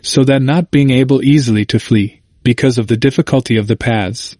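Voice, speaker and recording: A man narrating a history audiobook in a measured, formal manner. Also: mid-range voice, darkish tone, no room sound, studio quality.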